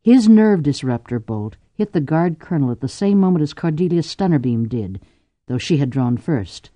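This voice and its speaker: A man narrating a novel in a measured, dramatic audiobook reading. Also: a little high, lively intonation, mellow, no echo. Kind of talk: scripted narration.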